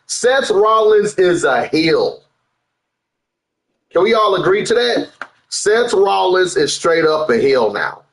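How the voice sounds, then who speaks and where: A young man chats on a live stream in a relaxed, slangy way. His voice sits a little high and he takes his time, stretching words out. He keeps swinging from loud bursts down to low mutters. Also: low-quality recording. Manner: animated, swings up and down, loose slangy chat. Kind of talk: casual live-stream wrestling talk.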